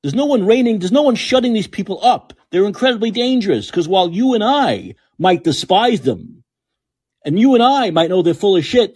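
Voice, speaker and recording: Husky, profane man ranting. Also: high-pitched, very animated, moderate pace, darkish tone. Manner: angry, profane, sarcastic ranting. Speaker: podcast host. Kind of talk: ranting political commentary.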